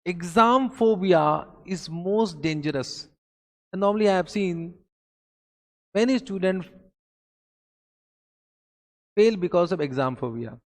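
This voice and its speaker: In a classroom with a long reverb tail, a man with an Indian English accent delivers a motivational revision lecture to accountancy students. His high-pitched voice is animated yet slow, with frequent pauses, and his pep talk brims with rhetorical questions and repetition.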